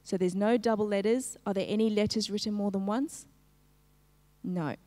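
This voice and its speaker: A woman teaching a live-streamed phonics lesson, slowly segmenting each sound in a word and prompting the class to join in. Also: medium pitch, steady tone, dark tone, big-room sound. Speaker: literacy teacher.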